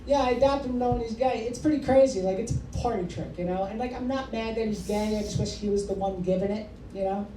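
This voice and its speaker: A man's voice: sits high, fast, hardly any pauses, dark tone. A male stand-up comedian working the crowd in a comedy club, brash and profane, teasing the audience. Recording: echoey room, distant mic, noisy.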